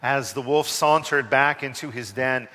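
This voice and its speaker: A man telling a parable in a slow, deliberate, dramatic way, recorded in a reverberant hall. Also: medium pitch, pushed and bright. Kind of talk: told parable, storytelling.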